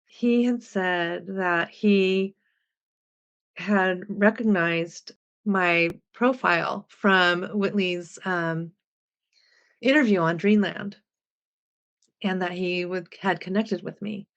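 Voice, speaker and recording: A woman's voice: lowish voice, slow, long pauses, highs cut off. Woman in her sixties telling a story. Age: 60s. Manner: animated storyteller who acts out remembered dialogue. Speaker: podcast guest. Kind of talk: personal storytelling in an interview.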